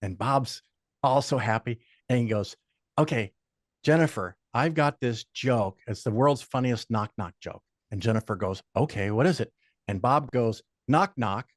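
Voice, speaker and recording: A man's voice: mid-range voice, unhurried, dry recording, clean studio sound. An older man, a podcast guest, telling stories in casual chat with frequent swearing and quoted voices. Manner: profane, animated anecdotes with quoted voices.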